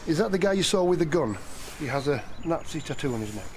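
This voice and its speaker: A brisk male police officer working through questions in a TV drama. His voice sits a little high and a clear hiss hangs under it. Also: big pitch swings, darkish tone. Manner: brisk and procedural. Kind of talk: TV drama acting.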